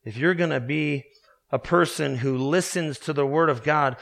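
A man's voice: fairly high pitch, normal speed, gravelly, fairly bright tone. A man pastor preaching a sermon, earnest and emphatic, asking the listeners rhetorical questions.

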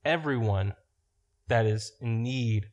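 A man's voice: mid-range voice, darkish tone, dull audio. Emphatic male preacher giving a sermon. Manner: emphatic, explanatory, slows down to stress points.

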